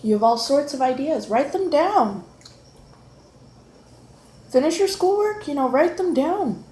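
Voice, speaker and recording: A woman chatting casually with her child at home, encouraging and gently coaxing in a motherly way. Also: sits high, animated, a little slow. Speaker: mother homeschooling her son. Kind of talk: casual family chat. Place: home, at the breakfast table. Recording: echoey room with faint background noise.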